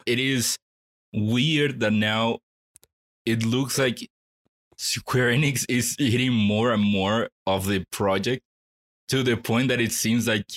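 A man's voice: medium pitch, fairly bright tone. A man co-hosting a video game podcast, talking casually and a bit defensively about his lunch. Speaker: podcast co-host. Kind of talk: casual chat.

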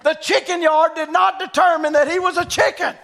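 A man preaching in a church with a very high, bright, gravelly voice. He shouts fervently, then drops low and quiet, while a congregation is faintly heard. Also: level tone, brisk. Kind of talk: sermon.

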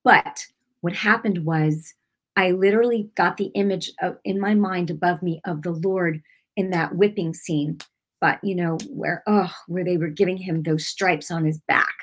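Woman telling her testimony, chatty, lots of "like", hushed then loud, really emphatic. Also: lowish voice, moderate pace. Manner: casual with many fillers like "like". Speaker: speaker giving a testimony. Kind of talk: personal testimony to a congregation.

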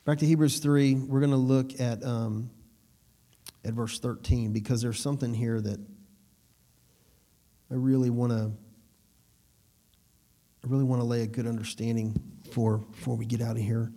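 A man's voice: mid-range voice, level tone, normal speed, long pauses, warm tone. A man preaching a sermon in a conversational way, laughing between points and asking the room if they follow. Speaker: pastor.

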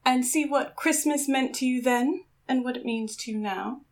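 A woman's voice: high-pitched, normal speed. A woman voicing a gracious female ghost of Christmas past who talks in a doting, theatrical way. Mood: gentle.

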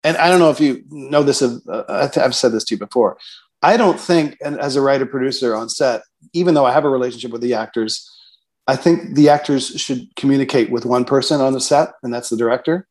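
A middle-aged man, a writer-producer hosting an interview, talking in a relaxed way and laughing between thoughts. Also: mid-range voice, a little fast. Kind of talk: conversational interview.

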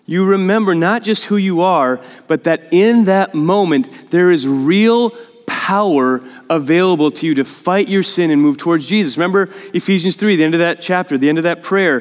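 A man's voice: high voice, brisk, in a large hall. Earnest conversational preacher man. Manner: earnest, conversational, often adds "right?"; grows emphatic and urgent in pleading passages. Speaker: pastor. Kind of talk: sermon. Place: church sanctuary.

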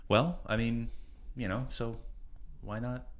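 A man's voice: mid-range voice, fairly even intonation, takes it slowly. A man co-hosting a podcast in casual chat, wry and questioning, often laughing. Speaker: podcast co-host.

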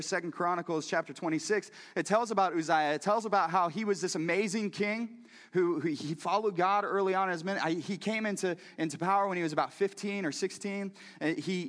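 A man's voice: sits high, fairly bright tone, in a large hall. A man preaching a conversational sermon who keeps putting questions directly to his listeners. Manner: talks directly to the audience with questions.

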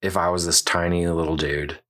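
A man hosting a podcast, telling an embarrassing story in casual chat with animated, self-mocking delivery. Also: low voice, brisk. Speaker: podcast host.

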